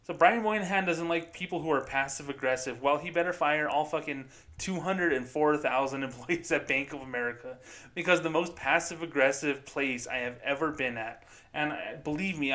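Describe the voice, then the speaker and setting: A man's voice: fairly high pitch, pushed and bright. A man hosting a podcast, ranting in a profane, sarcastic, mocking tone. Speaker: podcast host. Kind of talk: casual ranting commentary.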